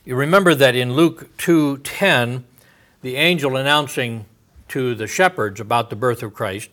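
A male pastor working through scripture in a teaching sermon. His voice sits at an ordinary middle pitch, and he talks in a halting, thinking-aloud way with many fillers and repeated starts. His phrases often sink into a quiet murmur at the end. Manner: thoughtful, halting with frequent restarts and fillers. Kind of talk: expository sermon.

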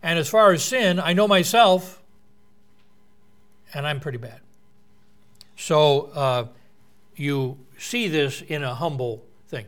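A man's voice: on the high side, takes it slowly, long pauses, a bit bright. A man preaching a sermon in an earnest, explanatory way, quoting and unpacking scripture.

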